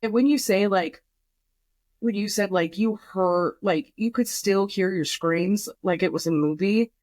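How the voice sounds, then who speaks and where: A woman's voice: mid-range voice, a little slow, darkish tone, dry recording. A young woman talks through a painful loss on a podcast, rambling and swearing, stacking fillers and acting out what she and others said. Her voice sits in a middling register and sounds dry and close. It feels raw and unpolished. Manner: rambling, many fillers, swears, quotes herself. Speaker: podcast guest. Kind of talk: emotional personal story.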